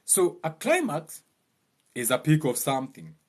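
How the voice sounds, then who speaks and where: A man's voice: huge pitch swings, a little slow. Mocking Kenyan man with a comic monologue. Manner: mocking, laughs at own jokes, jumps into high mimicking voices. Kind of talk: humorous monologue.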